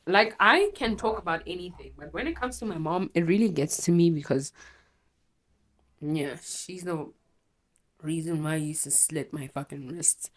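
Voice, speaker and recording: A young woman talks through a painful memory, her low voice thick and teary from crying. She rambles, corrects herself and swears freely, raw and unpolished. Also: moderate pace. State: teary, runny nose from crying. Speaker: storytelling vlogger. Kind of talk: candid personal storytime.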